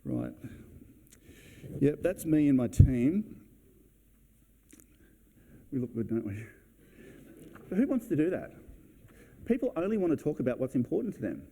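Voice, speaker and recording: Brisk, blunt man. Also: fairly high pitch, sing-song, gravelly, warm tone. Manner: brisk, blunt, acts out client conversations. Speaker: real estate agent giving a talk. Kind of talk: conference talk. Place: event hall.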